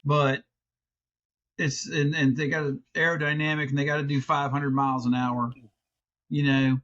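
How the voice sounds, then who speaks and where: A man's voice: a little high, little pitch movement, moderate pace, a bit bright, highs cut off. A middle-aged man co-hosting a podcast in casual chat, rambling and restarting, swearing freely. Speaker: podcast co-host.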